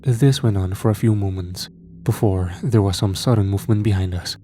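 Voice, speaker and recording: Low, dark-voiced male horror narrator. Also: brisk, faint music behind. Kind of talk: scripted first-person horror narration.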